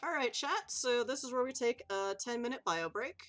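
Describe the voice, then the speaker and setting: Casual woman game master on a stream, swears freely, soft music underneath. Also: fairly high pitch, animated, moderate pace. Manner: chatty, loose, swears casually, laughs often. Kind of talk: running a tabletop game on a live stream.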